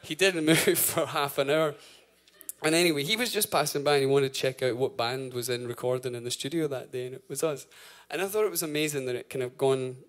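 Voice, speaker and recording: Male band frontman, 30s, mid-pitched, loose stage patter full of "um" and "like", casual cursing. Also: fairly quick, fairly bright tone. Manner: chatty, full of fillers, swears and laughs. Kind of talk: rambling stage banter between songs. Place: live concert venue.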